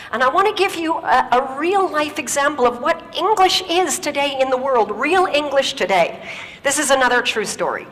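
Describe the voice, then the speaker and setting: A woman's voice: high-pitched, animated, normal speed, fairly bright tone, long reverb tail, low-quality recording. A woman giving a stage talk. She tells stories emphatically and uses rhetorical questions and repetition.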